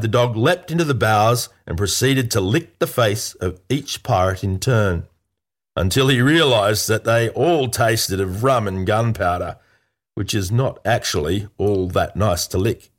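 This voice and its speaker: Low-voiced man reading a playful pirate tale. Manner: playful, tongue-in-cheek. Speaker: storyteller. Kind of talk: scripted storybook narration.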